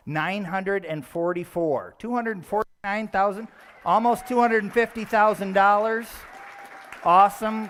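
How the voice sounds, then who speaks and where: Smooth-voiced man emceeing a fundraiser. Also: high voice. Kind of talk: live event announcing.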